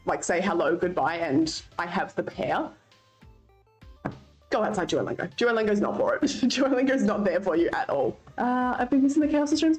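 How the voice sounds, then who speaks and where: A woman's voice: on the high side, lively intonation, moderate pace, faint music behind. A young Australian woman streaming, chatting casually with her viewers, swearing freely and laughing often. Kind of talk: casual chat with live chat.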